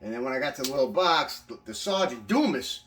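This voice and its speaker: A man's voice: medium pitch, expressive, fast talker, fairly bright tone, recorded from a distance, soft background music. Profane man telling stories in an echoey room. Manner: profane, rambling with frequent restarts. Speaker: vlogger recounting his prison time. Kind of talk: casual storytelling. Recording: echoey room, voice from away from mic.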